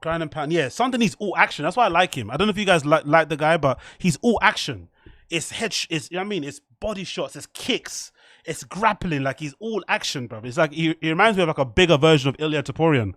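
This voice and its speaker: A man's voice: a little high, fast talker, no echo, clean studio sound. A young man, hosting a casual live stream, reacting to chat and a fight, swearing and laughing often. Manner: excitable, swears a lot, laughs often, mock French bits.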